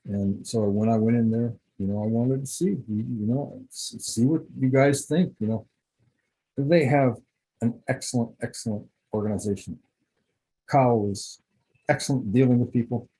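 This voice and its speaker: A man's voice: medium pitch, moderate pace, dark tone, breathy edge, rough recording. A middle-aged man, a football scout, giving a casual, rambling clinic talk full of anecdotes.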